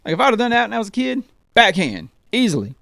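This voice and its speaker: American guy doing stand-up, high voice that jumps all over, dry close sound, keeps going "man" and "right". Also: quick pace, creaky, no echo. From United States. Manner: animated, talks to the crowd, fills lines with man and right. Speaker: stand-up comedian. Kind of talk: stand-up comedy routine.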